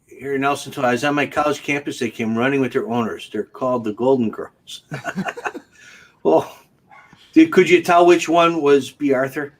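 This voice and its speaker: A man's voice: mid-range voice, moderate pace. A man hosting a casual livestream chat, joking and chatty and laughing often. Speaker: host.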